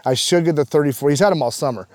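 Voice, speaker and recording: A man, a professional golfer, guesting on a casual podcast, telling animated, profanity-laced stories. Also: fairly high pitch, very fast, dry recording.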